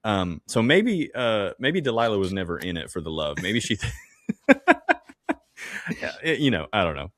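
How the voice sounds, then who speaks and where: A man with a very deep voice co-hosts a relaxed Bible-study podcast. His pitch swings widely as he rambles, corrects himself mid-sentence and laughs often. The sound is close and completely dry. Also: fairly quick, hardly any pauses, dry recording. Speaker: podcast co-host.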